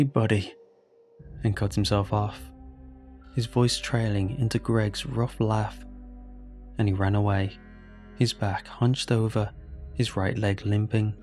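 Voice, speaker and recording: Slow, low-voiced man narrating horror. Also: a little mellow. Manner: slow, measured, grave delivery. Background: faint background music.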